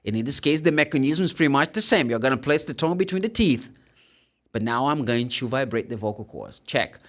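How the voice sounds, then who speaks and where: A man with a Brazilian Portuguese accent teaches English pronunciation. His pitch rises and falls widely as he explains. He models the sounds himself and acts out the questions students ask. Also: animated, brisk, a bit bright. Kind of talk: pronunciation lesson.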